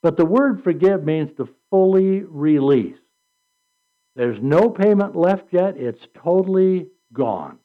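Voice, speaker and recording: A man preaching a sermon with an animated delivery, reading scripture aloud and acting out quotes. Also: high voice, slow. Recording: dull lo-fi recording.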